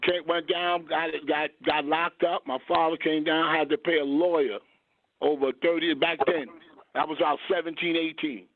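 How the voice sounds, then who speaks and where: A radio host tells his own story in a loose, rambling way, often hunting for the next word. His voice sits a little high. The sound is dry and narrow, like a phone line. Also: level tone, moderate pace, dry recording. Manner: rambling, searches for words with long ums. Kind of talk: casual radio talk, storytelling.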